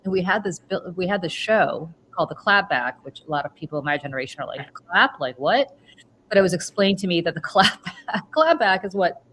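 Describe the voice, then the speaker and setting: Woman, middle-aged, podcast host, animated storyteller, lowish voice, faint background noise. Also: fast talker, rough recording. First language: Russian. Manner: animated storyteller, acts out her own reactions. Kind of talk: casual chat. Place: home.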